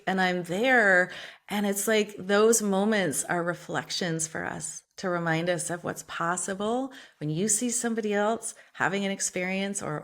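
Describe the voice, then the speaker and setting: A woman's voice: medium pitch, a bit bright. A woman author speaking as a podcast guest in a passionate, emphatic, motivational way, casually swearing. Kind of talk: motivational interview talk.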